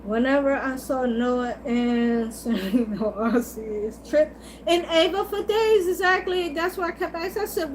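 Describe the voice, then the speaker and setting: High-voiced woman gossiping on a livestream. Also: normal speed, slight background noise, rough recording. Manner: animated, gossipy, swears freely, laughs often. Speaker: livestream host. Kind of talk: casual chat about soap operas, reading live chat.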